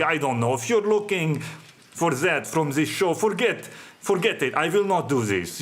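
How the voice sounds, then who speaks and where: Brief: male host with a slightly high voice, sardonic monologue, non-native English without articles. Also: fairly bright tone. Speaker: podcast host. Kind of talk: monologue podcast.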